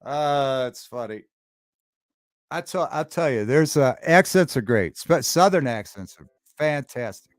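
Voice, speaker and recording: A man's voice: mid-range voice, expressive, measured pace, dry recording, studio quality. A man hosting a livestream talk show, chatting casually, reading the chat aloud and repeating favorite movie lines with relish.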